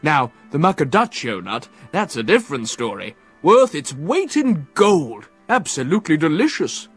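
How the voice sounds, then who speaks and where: Man voicing a hearty shipwrecked sailor, lively swooping pitch, grinning delivery. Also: moderate pace, breathy edge, faint music behind, heavily acted. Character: shipwrecked male sailor, cheerful and wistful.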